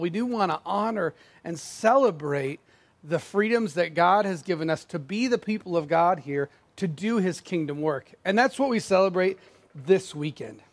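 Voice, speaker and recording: Casting: middle-aged male pastor, high-pitched, chatty and self-deprecating in the pulpit. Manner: conversational, self-deprecating, acts out quoted lines. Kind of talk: sermon.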